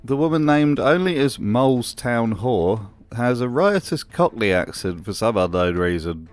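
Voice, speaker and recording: A man's voice: mid-range voice, sing-song, a little slow, soft background music. A man narrating a wry commentary voice-over in a dry, sardonic manner. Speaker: video narrator.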